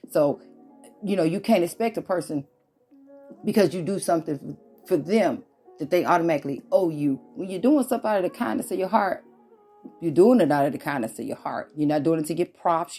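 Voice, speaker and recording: A woman giving a casual motivational talk to her viewers, animated and preachy, calling them y'all. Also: low-pitched. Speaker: vlogger.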